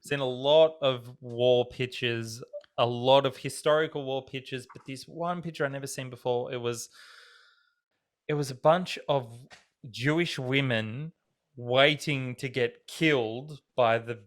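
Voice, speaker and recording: A man's voice: medium pitch, a little slow. A man in his thirties with an Australian accent, co-hosting a podcast in casual chat, joking and storytelling with swearing. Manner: joking, animated storytelling with frequent swearing and laughter. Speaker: podcast co-host.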